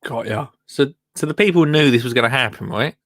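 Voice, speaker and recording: A man from the United Kingdom hosting a live podcast, animated and quick to laugh and exclaim in disbelief. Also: mid-range voice, no room sound. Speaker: podcast host.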